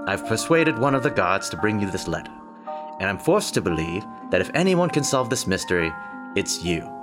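A man's voice: lowish voice, very animated, moderate pace, music in the background. An actor playing a polite, mysterious male stranger in an audio drama, speaking in a put-on English accent with courtesy. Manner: courteous, genteel.

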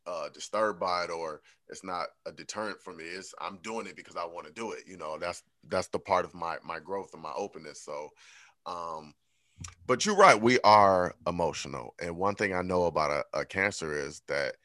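A podcast co-host with a low voice speaks at normal speed in a casual chat, candidly reflecting on his own growth and turning animated when quoting himself. The studio-quality recording has no echo.

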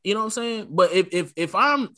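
Bright-voiced man in casual chat. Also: sits high, expressive, brisk, dry recording, clean studio sound. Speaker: co-host.

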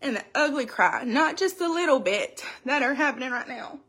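A young woman giving an earnest, emotional church testimony, tearful and halting as she speaks. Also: high voice, animated, fairly bright tone, breathy edge.

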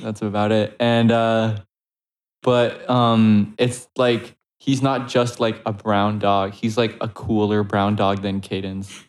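A man's voice: on the low side, flat delivery, slow pace. A young man co-hosting a casual podcast, rambling with lots of fillers and frequent laughs, recorded on a cheap mic. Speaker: podcast co-host. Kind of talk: casual chat. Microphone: cheap microphone. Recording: echoey large room.

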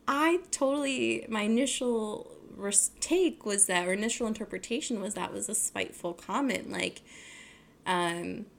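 A woman's voice: mid-range voice, gravelly, a bit bright. A young adult woman hosting her own podcast, talking casually in a rambling way, full of fillers and self-corrections. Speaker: podcast host. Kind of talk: casual solo podcast talk.

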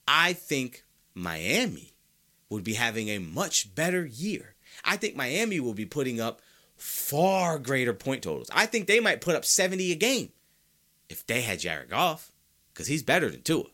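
Sick, animated man ranting about sports. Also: mid-range voice, measured pace. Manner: emphatic, repeats points for effect. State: sick, congested. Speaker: podcast host. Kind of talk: opinionated sports talk.

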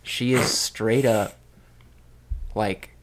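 A man's voice: lowish voice, fairly even intonation, very slow, background noise. A man co-hosting a podcast, speaking in a laid-back way and chiming in with short replies and questions. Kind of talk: casual chat.

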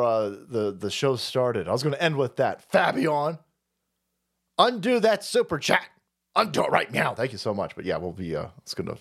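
A man's voice: medium pitch, gravelly, a bit bright. A man hosting a livestream, ranting about politics in a profane, rambling way and laughing often. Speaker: livestream host.

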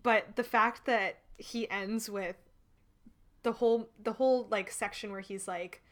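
Animated young woman co-host. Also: on the high side, measured pace. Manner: animated, laughs often, retells scenes. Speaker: podcast co-host. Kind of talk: casual chat about a film.

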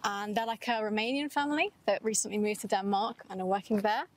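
A young woman co-hosts a podcast, chatting casually as she walks outdoors around a campus. Her medium-pitched voice holds a steady tone and moves fast, and she's upbeat and talkative, laughing often and saying "like" a lot. The audio quality is poor.

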